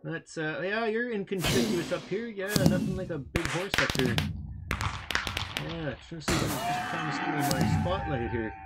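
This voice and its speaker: A man's voice: fairly high pitch, unhurried, over loud music. A man hosting a gaming channel, chatting goofily as he commentates his own gameplay. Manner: chatty, goofy, self-amused. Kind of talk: casual game commentary. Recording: noisy game capture.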